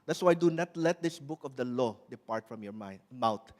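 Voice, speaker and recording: A man preaching a sermon in an earnest way, slowing down to press on quoted scripture and now and then restarting a word. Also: mid-range voice, expressive. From Malaysia. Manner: repeats and restarts words. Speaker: pastor.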